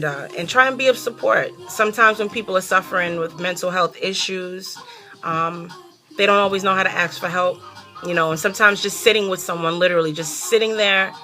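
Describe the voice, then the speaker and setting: Sassy, animated woman host from New York. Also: on the low side. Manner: animated, sassy, swears freely, laughs often. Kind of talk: casual solo talk show monologue.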